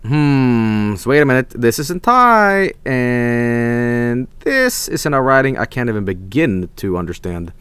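A young man with a Swedish accent streaming a geography guessing game, thinking aloud, swearing and breaking into excited yelps. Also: medium pitch, unhurried, clean tone, no echo. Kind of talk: casual gameplay commentary.

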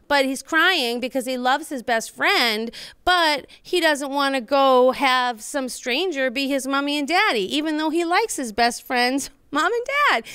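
Smooth, higher-pitched earnest woman host. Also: a bit bright, no room sound. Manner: earnest, rambling, with many ums and restarts. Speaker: host and local elected official. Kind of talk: studio talk show monologue.

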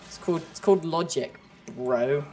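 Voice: medium pitch, normal speed, a little mellow, slight background noise. A gamer chatting casually during play with a friend, playful and teasing, often laughing. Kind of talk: casual gameplay chat.

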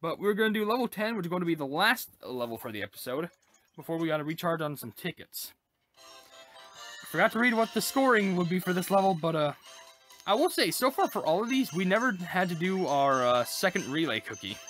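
A woman hosting a casual let's-play, chatty and excitable as she gushes over cute details. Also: fairly low pitch, brisk, soft background music. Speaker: gaming channel host.

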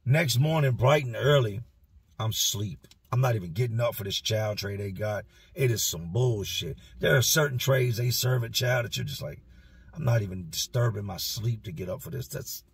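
A man's voice: fairly low pitch, creaky, slightly rough, dry recording. A man telling a story from his own past in a blunt, slangy, profane way. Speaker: vlogger.

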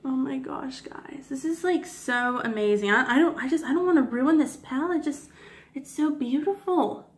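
A woman beauty vlogger swatching makeup for her viewers, gushing and giddy, often apologizing for her technique and dropping into soft whispers. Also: sits high, moderate pace. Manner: gushing, giddy, keeps addressing viewers as guys. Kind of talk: casual makeup swatch review.

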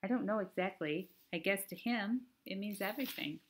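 A woman reading an audiobook, voicing a tired mother whose words drag slowly. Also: medium pitch, slight background noise, pitched above the performer's own voice, natural voice. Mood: weary. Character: weary middle-aged mother.

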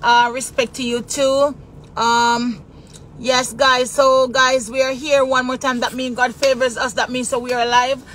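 A woman's voice: sits high, little pitch movement, measured pace, a bit bright. A Jamaican woman chatting casually with her live-stream viewers while she drives, greeting them by name in patois-flavored speech. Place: inside a car in traffic. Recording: noisy car, road noise behind.

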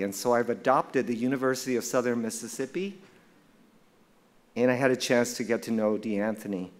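An older man speaks from a stage at an awards event, telling a funny story. He acts out each line of dialogue with animated humor. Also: mid-range voice. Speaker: award presenter. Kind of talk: storytelling speech. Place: event stage before an audience.

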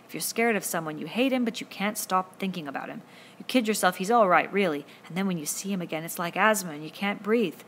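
A woman's voice: lowish voice, fast, a little hiss or hum, close to an everyday voice. A woman voicing an anxious, bookish, plump schoolboy with asthma, speaking earnestly in a raised, worried voice.

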